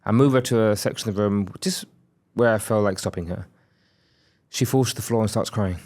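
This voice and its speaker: Low-voiced man telling a personal story. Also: fairly quick, a little mellow. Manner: candid, reflective, acts out quoted dialogue. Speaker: podcast guest.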